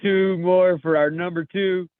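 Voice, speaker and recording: A man co-hosting a casual podcast, briskly keeping the segment moving. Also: high voice, steady tone, clean tone, no echo, narrow, tinny audio. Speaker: podcast co-host running the segment. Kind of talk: casual chat.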